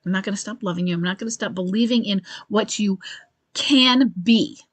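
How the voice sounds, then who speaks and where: A marriage coach answers listener questions in an advice monologue to camera, her mid-range, slightly mellow voice quick-paced with fairly even intonation. Earnest and reassuring, she often checks in with "okay?" and thinks aloud with restarts and self-corrections.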